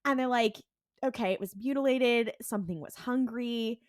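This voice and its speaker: A woman co-hosting a podcast, casually recapping a TV episode and acting out the characters' lines in quick voices, with a lot of "like". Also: fairly high pitch, no echo, studio quality. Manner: heavy use of "like" and "and he's like". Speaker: podcast co-host.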